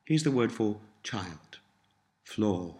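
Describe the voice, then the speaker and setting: Guy with a really low voice teaching vocab, super slow, says each word a few times. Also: lively intonation. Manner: repeats words slowly for learners to copy. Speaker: language teacher. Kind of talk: slow scripted language lesson.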